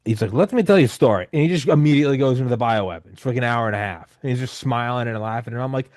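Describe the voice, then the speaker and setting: A man in his thirties hosting a podcast, telling stories in a loose, rambling, animated way with casual swearing. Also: medium pitch, very fast, dry recording, studio quality. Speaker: podcast host. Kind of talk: casual conversational storytelling.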